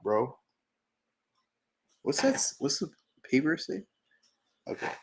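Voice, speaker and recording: A man hosting a manga reaction channel, talking to himself while he reads, excitable and profane in casual reaction commentary. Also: on the low side, vocal fry.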